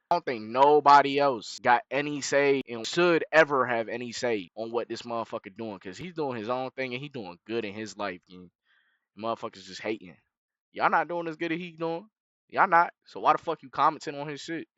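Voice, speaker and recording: A man's voice: mid-range voice, fairly bright tone, no echo, dull audio. A young man streaming a reaction, giving blunt, emphatic, profane commentary and tacking "bro" onto his lines. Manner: emphatic, preachy, repeats "bro" and "gang".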